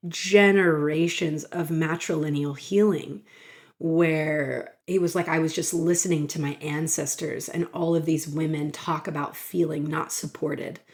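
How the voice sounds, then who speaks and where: A middle-aged woman tells a personal story on her podcast. She speaks slowly and gently in a slightly low voice. Her manner is emotional, with sighs and soft laughter, and at times her voice sinks to a near-whisper. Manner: soft and slow, drops to a whisper in places. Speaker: podcast host.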